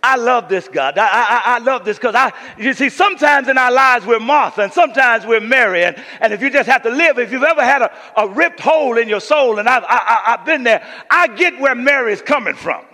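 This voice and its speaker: A man's voice: extremely high pitch, expressive, fairly quick, hardly any pauses, bright, forceful tone, long reverb tail. A man preaching a sermon as pastor, emphatic, often repeating words as he restarts his sentences. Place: church sanctuary.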